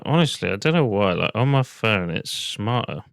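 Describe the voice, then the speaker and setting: Gravelly man, low smooth voice, casual blunt stock commentary, dry close sound. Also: sing-song, normal speed, no echo. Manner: blunt, swears, talks back to his computer. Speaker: stock video host reacting to another video.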